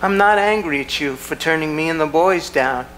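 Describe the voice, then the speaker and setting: A man's voice: on the high side, moderate pace, a bit bright, a little hiss or hum, lightly acted, rough recording. A man playing a weary, wounded grown son who speaks to his mother in an earnest, pained way, in a community theater play. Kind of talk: community theater stage acting. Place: theater stage.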